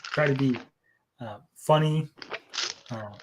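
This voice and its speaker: A man's voice: medium pitch, takes it slowly, background noise. A young man co-hosting a casual podcast, telling jokes with lots of fillers and restarts. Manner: rambling joke-teller with many fillers. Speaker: podcast co-host and comedian.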